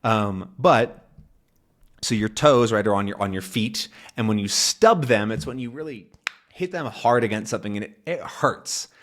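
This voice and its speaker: A man teaching English to learners, explaining a comic slowly and patiently, repeating and rephrasing, often checking "right?". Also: on the low side, a bit bright. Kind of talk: slow explanation for language learners.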